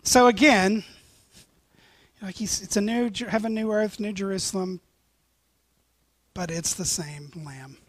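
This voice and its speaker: A man preaching a sermon as pastor, animated and joking, telling stories. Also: on the high side, husky.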